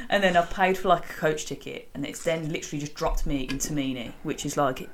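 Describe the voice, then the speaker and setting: A woman's voice: low voice, normal speed, hardly any pauses, heavy background noise. A woman co-hosting a casual chat, enthusiastic, chiming in with jokes and laughter. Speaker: podcast co-host.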